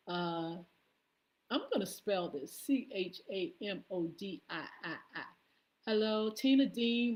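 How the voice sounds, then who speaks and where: A woman hosting a live morning show stream, casually greeting viewers by name with lots of "uh" fillers and an upbeat, friendly manner. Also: medium pitch.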